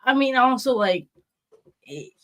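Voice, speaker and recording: A woman's voice: high voice, lively intonation, measured pace. A woman joining a live stream as a guest, chatting casually and chiming in supportively. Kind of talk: casual chat.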